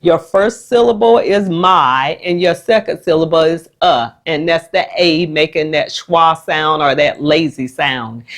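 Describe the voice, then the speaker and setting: A woman who is a special education teacher, explaining a phonics technique to the camera in a patient, measured way. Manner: slow, warm and patient, with lively jumps in pitch when acting out the classroom.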